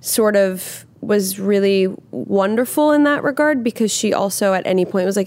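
Young actress gabbing on a podcast, swears a lot, jumps into voices for quotes. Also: female voice, mid-range voice, moderate pace. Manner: animated, swearing, acts out quotes in lively voices. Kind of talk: casual chat.

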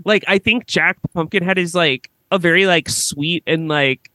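Rambling bright-voiced woman guest. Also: lowish voice, moderate pace, dry recording. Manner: rambling, full of "like" and restarts; laughs often while talking. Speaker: guest filmmaker. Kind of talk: casual podcast chat.

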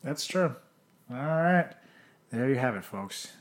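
A man's voice: mid-range voice, animated, slow pace. A young man co-hosting a podcast, joking, swearing and laughing often in casual banter. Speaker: podcast co-host.

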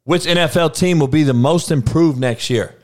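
A man's voice: a little high, moderate pace. A male livestream host ranting to his live chat, profane and rambling, with many restarts. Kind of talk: casual unscripted rant to a live chat.

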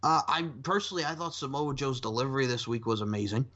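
A man hosting a casual podcast, animated and rambling, swearing and laughing often. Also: medium pitch, fast talker. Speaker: podcast host. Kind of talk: casual chat. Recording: dull lo-fi sound.

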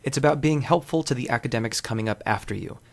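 A man hosting a podcast, reading wordy, wry essays in a deadpan way. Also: medium pitch, quick pace, creaky. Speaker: podcast host. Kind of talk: scripted essay narration.

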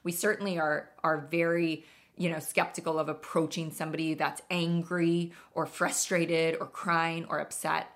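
A woman hosts a podcast and tells stories casually, with earnest emphasis. Her voice is lowish, with a lot of gravelly fry in it. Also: little pitch movement, normal speed. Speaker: podcast host. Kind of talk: casual storytelling monologue.

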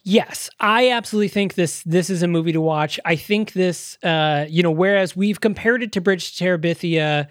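A man's voice: high voice, moderate pace, few pauses, a bit bright, dry recording, clean studio sound. Emotional rambling man reviewing a film. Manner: emotional, rambling retelling with many fillers. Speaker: podcast co-host. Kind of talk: casual movie review chat.

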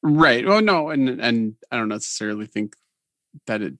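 A man's voice: medium pitch, lively intonation, normal speed, fairly bright tone, no room sound. A man co-hosting a podcast, chatting casually as he reviews and scores a TV episode. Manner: laid-back, conversational, gives scores. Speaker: podcast co-host.

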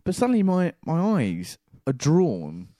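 A man's voice: fairly high pitch, measured pace, dry recording, studio quality. A man telling a rambling comic story, often stammering and repeating himself. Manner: animated, stammering, telling a tall tale.

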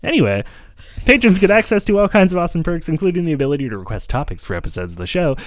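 A man's voice: fairly high pitch, racing, no room sound, clean studio sound. A man co-hosting a food podcast in casual, playful chat, full of fillers. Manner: lively, playful, lots of fillers. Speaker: podcast co-host.

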